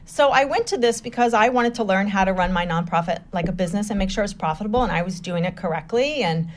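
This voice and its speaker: Animated woman telling a story. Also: medium pitch, fast talker. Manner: animated, acts out quoted voices, laughs often. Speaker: nonprofit founder, guest. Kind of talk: casual interview storytelling.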